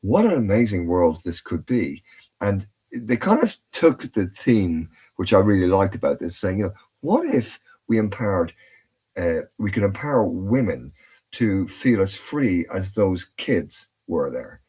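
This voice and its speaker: A man's voice: sits low, big pitch swings, measured pace, warm tone, husky. A man hosting a casual podcast chat, telling anecdotes in a chatty way with many restarts. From Ireland. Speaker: host.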